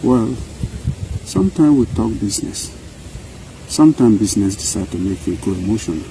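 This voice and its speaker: A Nigerian man in middle age talks in a very low voice, earnest and emphatic, repeating phrases like a speech. He is outdoors on a farm, and clear vehicle noise runs behind him. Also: expressive, moderate pace, warm tone, rough recording. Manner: earnest, emphatic, repetitive oratory. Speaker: company CEO and farmer. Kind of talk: on-site interview monologue.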